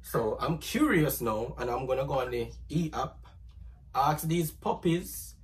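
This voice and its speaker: A man's voice: medium pitch, animated, unhurried. Jamaican-accented man, slangy vlog host. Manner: slangy, peppers every line with "bro" and "you dig". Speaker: YouTube host. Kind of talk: casual vlog chat. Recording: distant mic with loud music behind.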